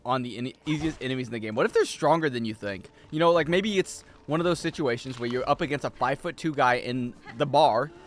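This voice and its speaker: A man's voice: medium pitch, fast talker, few pauses. A male streamer rambling and joking casually with his chat while he plays. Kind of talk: casual game-stream chatter.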